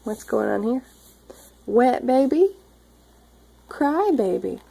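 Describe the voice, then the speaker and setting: A mother at home reading a picture book aloud to her toddler, gently coaxing and prompting the child along. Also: on the high side, very animated, slow, vocal fry, rough recording.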